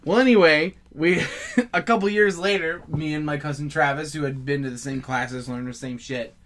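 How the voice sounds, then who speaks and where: Bright-voiced man telling a profane story. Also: fairly high pitch, moderate pace. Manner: profane, animated storytelling with frequent laughs. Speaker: podcast co-host. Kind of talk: casual comedic chat.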